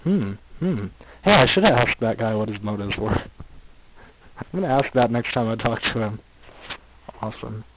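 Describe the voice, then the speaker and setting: A man's voice: lowish voice, animated, moderate pace, long pauses, a little hiss or hum, rough recording. A man co-hosting a casual comedy podcast, riffing playfully and laughing at the jokes. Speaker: podcast co-host.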